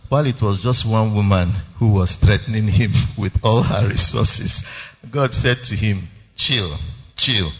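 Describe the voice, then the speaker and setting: A man's voice: fairly low pitch, moderate pace, breathy edge. A man preaching a sermon as pastor, emphatic and calling on the congregation to respond. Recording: reverberant lo-fi church recording.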